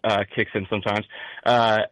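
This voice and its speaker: A young man with a Midwestern accent, calling in to a talk show and speaking in a halting way full of fillers and restarts. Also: fairly low pitch, flat delivery, a bit bright, clean tone, no echo, rough recording. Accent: Midwestern American. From rural Midwest. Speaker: caller. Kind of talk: call-in talk show conversation.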